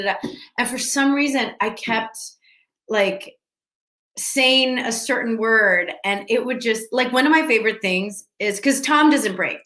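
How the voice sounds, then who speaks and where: A woman talks with fans over a video call, her voice bright and forward. She rambles, restarts her sentences and keeps the chat loose and casual. The room around her rings with a noticeable echo. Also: mid-range voice. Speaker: actress answering fan questions. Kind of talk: casual virtual Q&A. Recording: echoey room.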